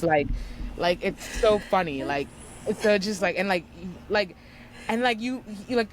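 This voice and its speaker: Animated young woman telling travel stories. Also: on the low side, slight background noise. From United States. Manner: animated storyteller, acts out quotes, says "like" often. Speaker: guest. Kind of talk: casual chat.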